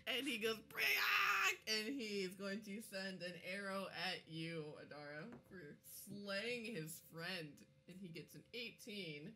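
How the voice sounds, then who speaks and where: A woman's voice: mid-range voice, measured pace, hardly any pauses, bright, forceful tone. A woman narrating as game master of a tabletop game, giggling often.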